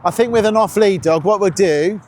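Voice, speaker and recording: A man's voice: sits high, a little fast, a little hiss or hum. A man coaching dog owners on a walk outdoors, instructive and encouraging. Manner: encouraging, instructive, lively sing-song praise. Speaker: dog trainer. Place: outdoors on a path.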